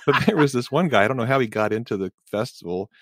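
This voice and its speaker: A man's voice: medium pitch, animated, quick pace, no echo, clean studio sound. A middle-aged man co-hosting a podcast, telling casual, rambling anecdotes with hesitant restarts. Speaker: podcast co-host. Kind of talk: casual chat.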